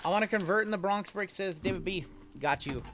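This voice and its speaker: A man's voice: high-pitched, fairly quick, background noise. A man hosting a live card-break stream in a casual, chatty way. He rattles off long lists of names and teams and answers chat as he goes.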